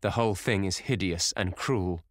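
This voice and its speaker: A man voicing a sensitive, brooding young gentleman who speaks in a subdued, anxious way, in an audiobook reading. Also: low voice, normal speed, dry recording, studio quality, lightly acted. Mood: bitter.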